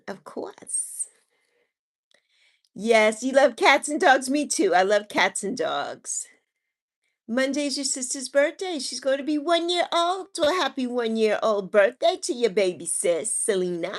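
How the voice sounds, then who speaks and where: A woman hosting a live stream, chatting casually as she reads viewer comments, affectionate and sympathetic, calling people endearing names and repeating her kind wishes. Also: sits high. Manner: sympathetic, repeats herself softly.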